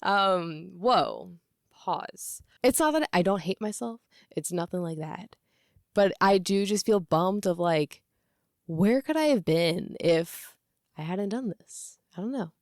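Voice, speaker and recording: A woman's voice: medium pitch, lively intonation, measured pace, no echo. Woman in her thirties, casual confessional vlogger who rambles and laughs a lot, dry close recording. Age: 30s. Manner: rambling, laughing often, with many fillers. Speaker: YouTuber.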